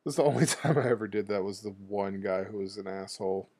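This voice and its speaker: Male game streamer, lowish voice, loose and profane, casual storyteller. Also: brisk, a little mellow, husky. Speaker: streamer playing a video game. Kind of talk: casual rambling anecdote over gameplay.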